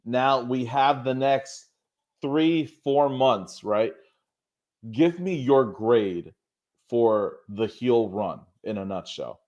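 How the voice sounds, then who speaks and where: A man's voice: medium pitch, expressive, takes it slowly, a little mellow. A man hosting a podcast, laid-back and matey, peppering his talk with "man" and "dude". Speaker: podcast host. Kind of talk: casual chat. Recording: dull lo-fi remote mic.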